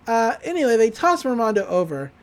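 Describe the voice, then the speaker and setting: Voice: mid-range voice, big pitch swings, fairly quick. A podcast co-host recapping a cartoon episode in loose casual chat, full of fillers and quoted lines. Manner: rambling, quotes characters with "he's like"; frequent fillers, laughs while recounting.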